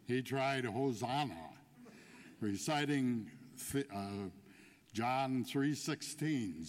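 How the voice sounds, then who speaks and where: A man preaching a homily as a deacon, telling a joke story in an unhurried way before turning to the point of the sermon. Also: medium pitch. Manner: storytelling, unhurried, builds to punchlines. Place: church. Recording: long church reverb.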